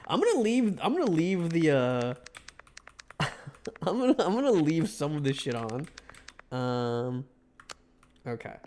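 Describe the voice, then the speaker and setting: A man's voice: on the high side, sing-song, unhurried, long pauses, a little mellow, a little hiss or hum. A man streaming a video game live, giving casual commentary, joking and swearing as he talks back to the game.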